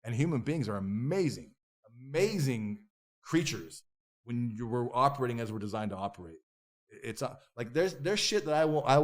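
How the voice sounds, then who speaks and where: A man telling stories as a podcast guest, animated and profane, acting out what others said in bursts. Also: medium pitch. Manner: animated, profane, acts out quoted voices. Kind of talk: casual interview storytelling.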